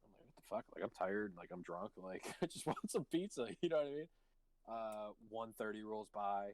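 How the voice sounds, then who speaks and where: A man's voice: fairly low pitch, lively intonation, quick pace, a little mellow, no room sound, low-quality recording. A man hosting a live stream and telling casual stories, swearing freely and laughing mid-sentence. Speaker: stream host. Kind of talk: casual chat, telling anecdotes.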